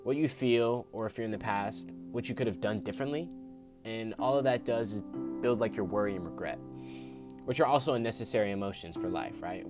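A man hosting a podcast in a casual motivational talk, emphatic, swearing now and then and tagging his points with "right?". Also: fairly low pitch. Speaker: podcast host. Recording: muffled lo-fi with guitar music behind.

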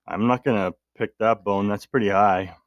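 A man co-hosts a casual podcast, mostly chiming in with short agreements and quick jokes. His voice is low, and he is recorded dry and close to the mic. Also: no echo, lo-fi sound. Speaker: podcast co-host.

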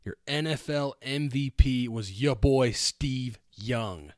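A man's voice: mid-range voice, takes it slowly, a little mellow, no room sound, studio quality. A man co-hosting a casual talk show, wry and laid-back as he ranks things and quizzes his friend. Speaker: podcast co-host. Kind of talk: casual banter.

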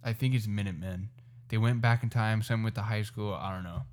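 A man's voice: on the low side, fairly even intonation, a little mellow. A young man co-hosting a podcast, joking around in casual, slangy chat. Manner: goofy, slangy, quick to joke. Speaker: podcast co-host.

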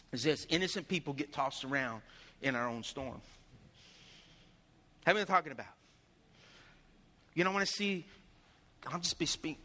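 A pastor preaching a sermon, telling stories in an animated way and acting out the voices of the people in them. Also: male voice, on the high side, in a large hall.

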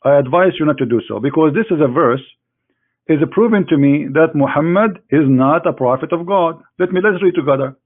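Heard through narrow-band, phone-style audio, a fairly high-pitched man talks a little fast. He hosts a heated religious debate call, teasing the caller mockingly and repeating phrases to drive points home.

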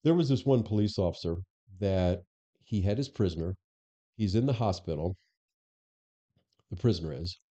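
Deep, dark-voiced man telling stories. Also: moderate pace, long pauses. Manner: animated storyteller who acts out quoted dialogue, frequent restarts. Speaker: former police chief, podcast guest. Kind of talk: casual interview storytelling.

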